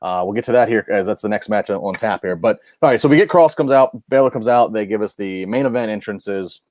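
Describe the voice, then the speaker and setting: A man's voice: on the low side, quick pace, no room sound. Chatty man recapping a match, dry sound. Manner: animated match recap with lots of restarts. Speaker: wrestling podcast co-host. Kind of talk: casual review chat.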